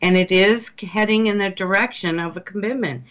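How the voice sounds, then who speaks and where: A woman's voice: mid-range voice, normal speed. A woman hosting a radio psychic show, chatting casually and calling callers honey and darling. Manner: warm and motherly, calls callers honey and darling.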